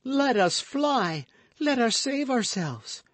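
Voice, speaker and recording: A man's voice: mid-range voice, animated, measured pace, dry recording, voice pushed up. A man voicing an anxious, frightened young Frenchwoman in an audiobook reading, speaking urgently and pleadingly.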